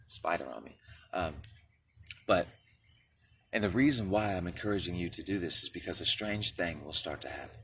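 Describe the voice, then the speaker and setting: A man's voice: sits low, moderate pace, pauses often, recorded from a distance, background noise. A man from Michigan giving a casual spiritual talk to camera, often checking in with the listener with "right?" and "okay?". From Michigan, United States. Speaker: spiritual video creator.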